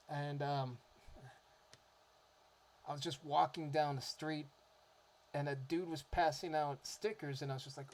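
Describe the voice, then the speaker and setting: A man with a somewhat high voice rambles casually into a desktop microphone about cover songs he likes. He drifts between thoughts, leaning on fillers and restarts. A faint hum of room noise sits behind him. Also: steady tone, measured pace, pauses often. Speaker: music vlogger.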